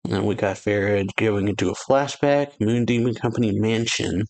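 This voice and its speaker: A man's voice: lowish voice, normal speed, a little mellow. A man hosting an anime reaction channel, casually retelling a manga chapter in a rambling, chuckling way full of fillers.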